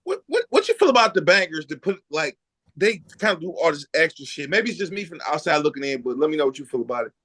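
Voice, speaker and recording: A man hosting a podcast, asking blunt, quick questions in a casual chat. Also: on the high side, big pitch swings, a bit bright, no room sound. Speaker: podcast host. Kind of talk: casual interview.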